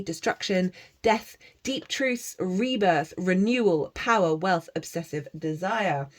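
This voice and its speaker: Tarot reader woman, slightly low voice, casual and encouraging to camera, slips into chanted made-up syllables. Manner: chatty, encouraging, with frequent laughs.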